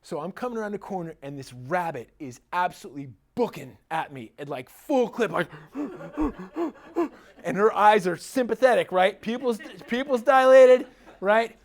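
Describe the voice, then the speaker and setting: Middle-aged man, chiropractor giving a relaxed seminar talk; animated, chatty storyteller who laughs easily. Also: high voice, unhurried. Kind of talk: casual seminar talk with personal stories.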